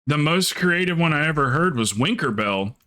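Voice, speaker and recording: A man's voice: a little high, animated, moderate pace, bright, forceful tone. A man from South Carolina, streaming a game and telling rambling, joking stories in casual chat. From South Carolina, USA. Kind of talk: casual chat while gaming.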